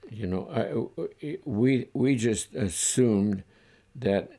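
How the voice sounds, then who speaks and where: An older man from the United States, reflecting in a halting, chuckling way during an oral history interview. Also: mid-range voice, mellow. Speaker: interviewee recalling his childhood.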